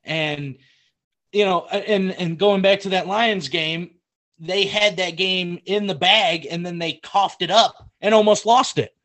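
A man co-hosting a live sports prediction show, excitable and rambling, laughing easily. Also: sits high, a little slow. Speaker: podcast co-host. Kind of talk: casual sports prediction chat. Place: home setup streamed live.

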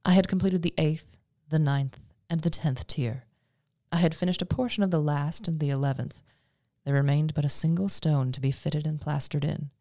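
A man with a gravelly voice reading a classic horror story as narrator and host, measured and dramatic. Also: on the high side, fairly even intonation, warm tone, dry recording, studio quality. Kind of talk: scripted audiobook narration.

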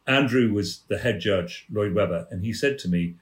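A man from England, a former theatre manager, telling lively backstage anecdotes as a podcast guest and acting out the voices in his stories. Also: on the low side, a little fast, hardly any pauses. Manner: lively raconteur, acts out quoted voices. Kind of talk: anecdotal storytelling. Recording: roomy echo.

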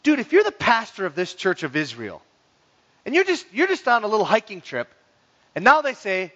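A man's voice: high-pitched, brisk. A man preaching a sermon as pastor, joking and acting out the people's grumbling. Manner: lively, joking, acts out grumbling voices. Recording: dull sound in a reverberant hall.

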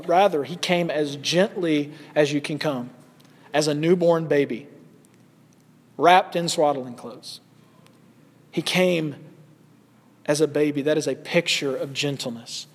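A man in his thirties preaching an earnest sermon as a pastor, pressing questions on his listeners. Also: high voice. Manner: earnest, rising to loud acted shouts in quotes. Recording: long hall reverb.

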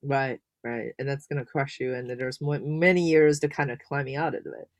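A man's voice: medium pitch, steady tone, brisk, dry recording. A man hosting a podcast, asking a rambling, hesitant question. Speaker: podcast host. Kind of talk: interview questions.

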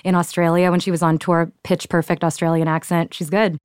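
A woman guest critic chatting about pop culture in a wry, quick way. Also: fairly low pitch, level tone, a little mellow, a little hiss or hum. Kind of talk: casual pop culture chat.

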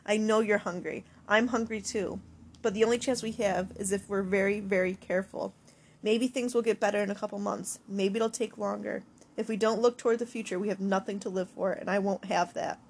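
A woman's voice: mid-range voice, fairly even intonation, brisk, slight background noise, close to an everyday voice. A woman voicing a stern mother who rations food, giving clipped commands and weary lectures in an audiobook. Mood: weary firm. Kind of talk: audiobook character voice.

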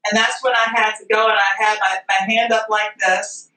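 A woman chef telling a story as a guest, expressive and loud, acting out what people said. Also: medium pitch, normal speed. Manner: expressive, acts out quotes, exclaims loudly. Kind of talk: animated storytelling chat. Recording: echoey room, distant from mic.

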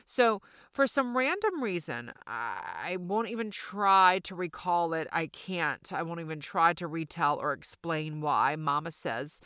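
A woman's voice: low voice, big pitch swings, a little slow, hardly any pauses, bright, forceful tone, clear, resonant tone, dry recording, studio quality. A middle-aged woman with a Southern accent, hosting a storytelling podcast in a chatty, self-deprecating way. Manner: chatty, self-deprecating, addresses listeners as y'all. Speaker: podcast host.

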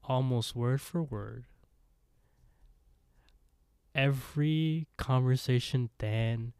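A man's voice: medium pitch, darkish tone, clean tone, dry recording. Rambling man recapping an episode. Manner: rambling, full of "like" fillers and retold dialogue. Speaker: podcast co-host. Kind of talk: casual episode recap chat.

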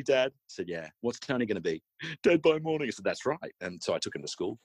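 A middle-aged Australian man telling a comic anecdote, halting and restarting his words often. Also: deep voice, slightly rough, dry recording. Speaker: guest storyteller.

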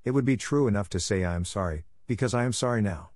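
A man's voice: on the low side, fast, darkish tone, no echo, studio quality, natural voice. A man voicing an imaginative, dramatic young orphan girl who pleads earnestly and theatrically. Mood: thoughtful. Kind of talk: audiobook character reading.

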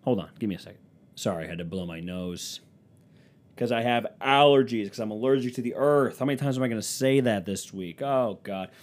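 A man's voice: medium pitch, brisk. A young man with a stuffy nose from allergies, rambling through a sarcastic, profanity-laced comedic monologue. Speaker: vlogger.

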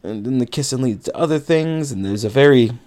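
A man's voice: mid-range voice, expressive, brisk, darkish tone. A man co-hosting a podcast, casually retelling a film's plot in a rambling way with lots of filler words. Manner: rambling retelling with many likes and you-knows. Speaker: podcast co-host. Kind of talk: casual movie recap.

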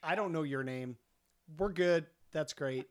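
A woman's voice: low-pitched, unhurried, a little mellow. A woman co-hosting a casual chat, giving short reactions and swearing now and then. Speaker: podcast co-host, wedding photographer.

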